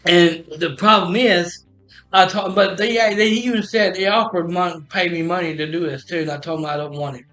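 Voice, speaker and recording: A man's voice: high voice, fairly even intonation, normal speed, bright, forceful tone, faint music behind. A man telling a personal story in a casual, rambling way, often restarting and repeating "I said.".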